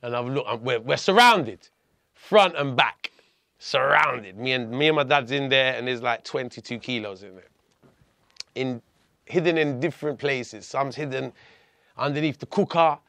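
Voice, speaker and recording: A man tells a story from his own life as a podcast guest. His voice has a gravelly, fried edge and a bright, forceful tone. The sound is close and dry. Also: mid-range voice, moderate pace, no room sound. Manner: animated, blunt storytelling with frequent restarts. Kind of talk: telling a personal story in conversation.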